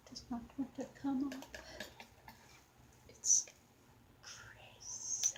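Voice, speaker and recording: Young woman craft vlogger, unhurried rambling chat, slightly high voice. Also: lively intonation, in a whisper, rough recording. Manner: rambling, chatty, talks to the doll and viewers.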